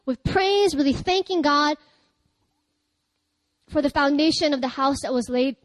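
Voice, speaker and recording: High-voiced woman pastor preaching with dry closeness. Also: unhurried, no echo, poor audio. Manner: lively, chatty preaching with laughter and loud cries. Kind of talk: sermon.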